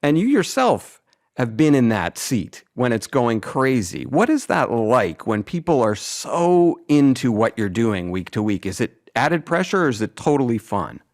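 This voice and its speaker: Podcast host guy, mid-pitched voice, rambly questions, laughs along. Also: very animated, a little slow, a little mellow. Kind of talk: casual interview.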